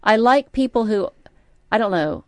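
A woman's voice: a little high, lively intonation, normal speed, no echo, studio quality. A middle-aged woman, co-hosting a radio show in casual chat, telling a rambling story with many restarts. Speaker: radio co-host. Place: radio studio.

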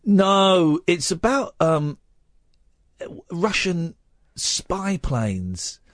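A man hosting late-night talk radio, animated and teasing, often talking over his callers. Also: high-pitched, very slow, no room sound, clean studio sound. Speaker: radio host. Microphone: studio microphone.

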